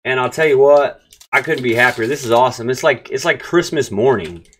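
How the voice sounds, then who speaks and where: A man hosting a casual card pack-opening vlog, excitable and gushing as he talks straight to his viewers. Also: mid-range voice, a little fast, slightly rough. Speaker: card-opening channel host.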